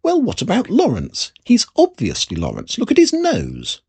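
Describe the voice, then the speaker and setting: A storyteller voicing a sensible, indignant female Christmas elf in a storybook reading, with a husky, high, urgent delivery. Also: huge pitch swings, moderate pace, dark tone, heavily acted.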